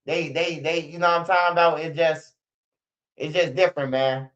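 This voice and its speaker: High-voiced, profane man telling stories. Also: moderate pace. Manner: profane, animated storytelling. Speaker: streamer commenting on street news. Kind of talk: casual live-stream commentary. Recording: dull lo-fi stream audio.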